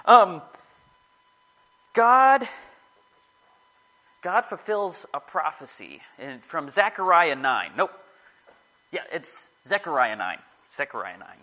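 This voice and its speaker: A man with a slightly high, sing-song voice that is bright and forceful speaks at a slow pace with long pauses. He gives a casual, rambling, chatty sermon to a small group, often correcting himself, captured in a low-quality recording.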